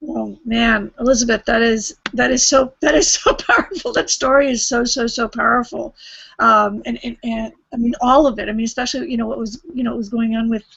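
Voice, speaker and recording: A woman host responds in a gushing, halting way, repeating her words as she searches for them. Her voice is fairly high, gravelly and husky. She sounds set back from the microphone on dull, lo-fi audio. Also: steady tone, a bit bright, dry recording. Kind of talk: casual chat.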